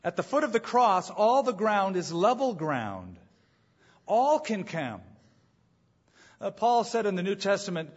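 Pastor guy preaching, fairly high husky voice, punchy and repeats stuff, muffled lo-fi sound. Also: big pitch swings, a little slow, pauses often. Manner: emphatic, repeats key points, rhetorical questions. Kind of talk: sermon.

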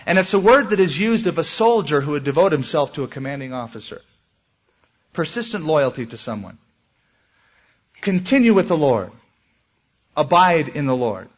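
Male preacher, slightly high and husky, delivering an animated sermon. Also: highs cut off. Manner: animated preaching with dramatic pitch swings. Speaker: pastor.

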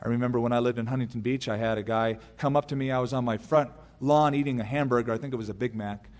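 A man's voice: mid-range voice, steady tone, quick pace, big-room sound. A male pastor giving a conversational verse-by-verse Bible teaching, mixing in personal stories, from a church pulpit. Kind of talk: expository sermon. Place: large church sanctuary.

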